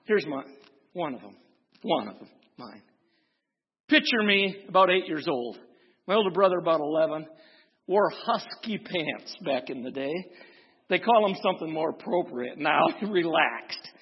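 A Wisconsin pastor delivers a sermon in a highish, animated voice with a breathy edge, unhurried and full of long pauses. He's folksy and humorous, telling stories and preaching with forceful, rising intensity. The audio is dull and lo-fi, with long hall reverb.

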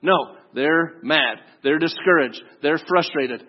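A male preacher retells a story during a sermon, keeping it conversational and joking, with asides to his listeners. His voice is fairly high and moves at normal speed, captured in a dull lo-fi recording.

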